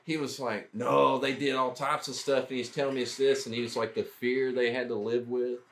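A man's voice: mid-range voice, level tone, moderate pace. A man who is a military veteran, chatting casually on a podcast in a laid-back, rambling, self-deprecating way. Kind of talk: casual chat.

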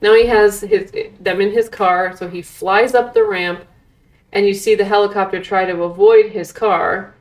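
Female podcast co-host, mid-pitched, emphatic and incredulous in her recaps. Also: steady tone, moderate pace. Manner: incredulous, emphatic, laughing asides. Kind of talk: casual comedic movie recap.

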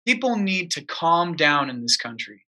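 A man's voice: fairly high pitch, very animated, moderate pace, noisy background. A man co-hosting a casual political chat, ranting emphatically and repeating himself for emphasis. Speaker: podcast co-host.

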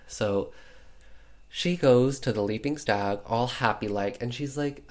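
A man's voice: on the low side, unhurried, a little mellow. A man casually retelling a film's plot, chatty and full of fillers, with playful sarcasm. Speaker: podcast host recapping a film. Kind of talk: casual chat.

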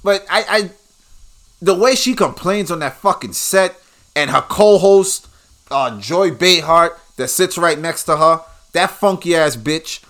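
A man's voice: fairly high pitch, unhurried, a bit bright. A man hosting a podcast and ranting in a crude, combative way, swearing freely. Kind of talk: profane rant.

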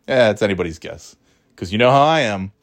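A man in his thirties hosts a loose, casual podcast chat. His voice sits on the low side. He restarts sentences often, swears freely and laughs at his own story. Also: animated, brisk. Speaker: podcast host.

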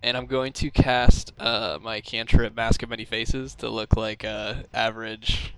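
Gravelly-voiced male player. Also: mid-range voice, level tone, unhurried, a bit bright, no echo. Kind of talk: casual chat.

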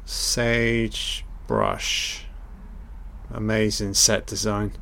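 A man's voice: lowish voice, very animated, very slow, gravelly, pushed and bright. A man giving a casual watch-along film commentary, blunt and sarcastic, swearing constantly and dryly critiquing what he sees. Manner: dry running critique.

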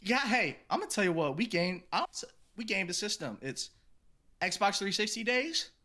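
Bright-voiced young man, casual chat. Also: sits high, very animated, moderate pace. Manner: loose, profane storytelling with lots of fillers.

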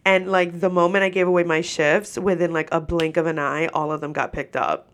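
A woman's voice: fairly low pitch, fairly even intonation, fairly quick. A congested, stuffy-nosed woman who is short of breath, hosting a podcast as a casual rant, swearing freely and laughing as she talks into a microphone. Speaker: podcast host. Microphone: microphone while seated.

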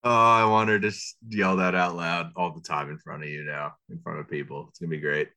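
Deep-voiced, bright, rambling dad. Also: male voice, brisk. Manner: relaxed, rambling, frequent fillers. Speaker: podcast co-host. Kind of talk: casual chat.

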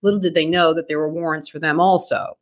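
A podcast co-host with a Boston accent narrating true crime history, brisk, with blunt, profane asides. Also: medium pitch, fairly even intonation.

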